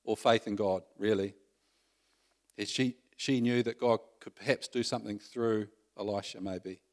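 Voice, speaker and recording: A man's voice: lowish voice, steady tone, normal speed. A man preaching a sermon in a conversational way, often asking the congregation questions.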